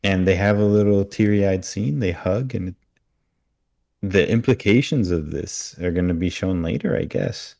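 A man's voice: sits low, measured pace, vocal fry, darkish tone. A man co-hosting a podcast, casually recapping an episode and acting out characters' lines as he retells scenes. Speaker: podcast co-host.

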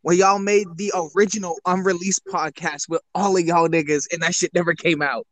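A man's voice: high-pitched, steady tone, fairly quick, no echo. A young man guesting on a casual podcast, talking in a laid-back, slangy, playful way.

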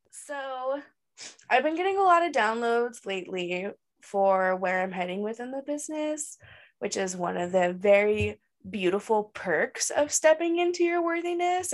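Brief: woman co-host, higher voice, lively chatty delivery, laughs a lot. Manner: animated, laughs often, frequent "like". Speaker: podcast co-host. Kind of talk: casual chat.

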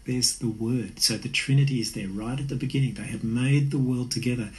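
A man's voice: mid-range voice, a little fast, poor audio. A man preaching an earnest, conversational sermon. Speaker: pastor.

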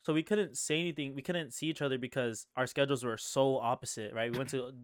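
A man's voice: mid-range voice, fairly even intonation, fast, dry recording, studio quality. A young man co-hosting a casual podcast chat, rambling and filling his talk with "like". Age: young adult. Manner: rambling, heavy use of "like", laughs often. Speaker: podcast co-host.

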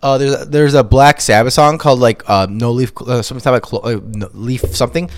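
A man's voice: medium pitch, quick pace, no echo, studio quality. A man from Chicago co-hosting a podcast, chatting casually in a crude, rambling, joking way. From Chicago, USA. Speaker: podcast co-host. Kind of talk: casual chat.

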